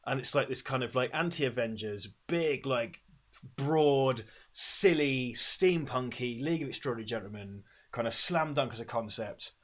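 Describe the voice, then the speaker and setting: A Scottish man co-hosting a casual film watch-along, animated and joking, often laughing, on a lapel mic. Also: mid-range voice, normal speed. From Scotland. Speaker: podcast co-host.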